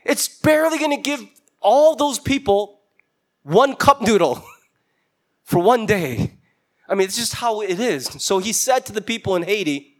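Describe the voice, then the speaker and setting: A man's voice: high voice, expressive, a little slow. A man preaching a sermon as a storyteller, acting out the voices of the people in his story. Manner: storytelling, acts out quoted voices.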